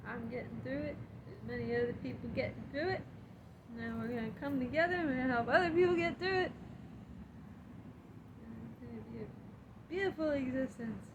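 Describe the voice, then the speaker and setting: A woman giving a reflective casual monologue on her spiritual healing, chatty and quick to laugh at herself. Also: high-pitched. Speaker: spiritual vlogger. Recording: clear background insect noise.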